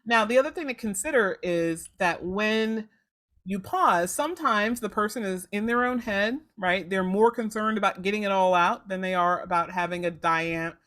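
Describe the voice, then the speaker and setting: Woman on a podcast teaching intake staff, lively coaching tone, mid pitch. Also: moderate pace. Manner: coaching, animated, acts out sample phone lines. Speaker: podcast host and law firm trainer. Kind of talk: instructional podcast talk.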